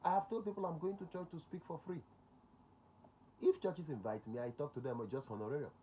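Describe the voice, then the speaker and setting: A man's voice: on the high side, a little fast, warm tone, a little hiss or hum. A man with a Nigerian accent, a security consultant hosting a talk show. He speaks emphatically, repeats his key points and slips into Pidgin.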